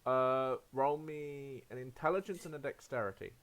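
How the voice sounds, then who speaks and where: A man's voice: mid-range voice, normal speed, crowd noise. Hesitant man running a tabletop game. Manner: hesitant, with many ums and uhs. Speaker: game master. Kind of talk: tabletop role-play narration.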